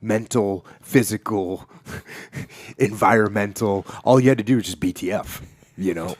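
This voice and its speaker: A man with a very deep voice, recorded close and dry, speaks in a measured, emphatic way. He drops dry jokes between his slow, deliberate points. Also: a little mellow, no room sound. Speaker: podcast host. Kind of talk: casual conversation.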